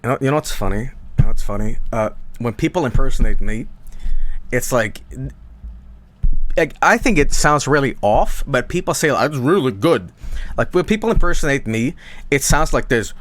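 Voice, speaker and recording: A man's voice: medium pitch, expressive, normal speed, fairly bright tone. Rambling, profane Swedish-accented man. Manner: rambling, profane, laughing asides. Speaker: streamer. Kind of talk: casual stream chat.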